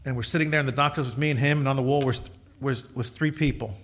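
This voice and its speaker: A man's voice: medium pitch, fairly even intonation, fast talker, a bit bright. A middle-aged male pastor preaching a sermon in a conversational, joking storytelling way, acting out quoted voices.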